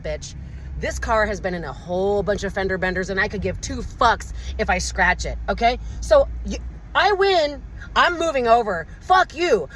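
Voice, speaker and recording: A woman's voice: on the high side, a bit bright, a little hiss or hum, low-quality recording. A woman, ranting angrily and profanely to a phone camera while driving her car. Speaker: vlogger. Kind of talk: angry rant to camera. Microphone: handheld phone camera.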